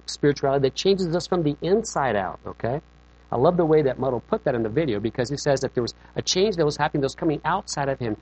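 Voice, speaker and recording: A man's voice: fairly high pitch, dry recording. A man preaching a sermon as pastor, in a conversational, joking way, often checking in with "okay?". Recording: dull lo-fi recording.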